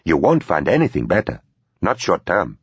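Audiobook: deep-voiced man as an earnest investor, husky, dull dry sound. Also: huge pitch swings, moderate pace, dry recording, full character voice.

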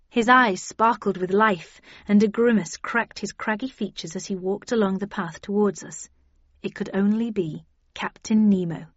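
A woman's voice: mid-range voice, no echo, dull audio. A woman reading a first-person story aloud, in a dry, wry manner. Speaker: audiobook narrator. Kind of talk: scripted first-person narration.

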